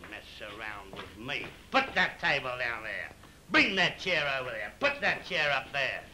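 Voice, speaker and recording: An actor playing a jolly, boastful comic king in a 1930s film comedy, chatty and excitable, with an Australian accent. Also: on the high side, full character voice, poor audio. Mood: bossy. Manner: chatty, excitable, bossy with cheeky asides. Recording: old film soundtrack with faint hiss.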